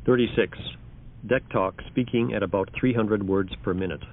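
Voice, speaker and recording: A man with a lowish voice announces each demonstration in a plain, measured way. The sound is thin and phone-like, as on an old tape. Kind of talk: formal archival announcing.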